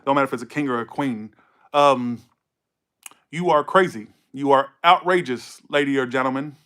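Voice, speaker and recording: A man's voice: mid-range voice, moderate pace, a bit bright. A man giving a casual tarot reading to camera, blunt and profane, scolding viewers and repeating himself for emphasis. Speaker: tarot reader.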